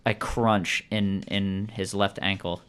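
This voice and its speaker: A man narrating as game master of a tabletop role-playing game, with a relaxed, halting delivery full of fillers. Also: deep voice, slight background noise.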